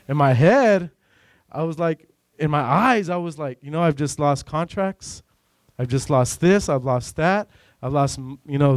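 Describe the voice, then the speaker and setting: A man giving an earnest, emotional personal faith testimony, rambling and filling pauses with "you know.". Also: fairly high pitch, darkish tone, no room sound. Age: adult with a son. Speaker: church member giving a testimony.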